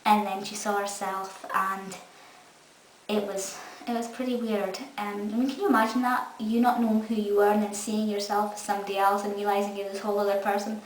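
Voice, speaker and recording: A young woman from Scotland reviews an episode casually, fairly quick and mid-range with little pitch movement, yet full of enthusiasm as she gushes. The mic sits far away in an echoey space, leaving a faint hiss.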